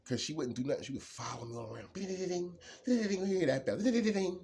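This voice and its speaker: A man giving a casual, rambling tarot card reading, laughing often and swinging between low mutters and loud bursts. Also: animated, quick pace, vocal fry.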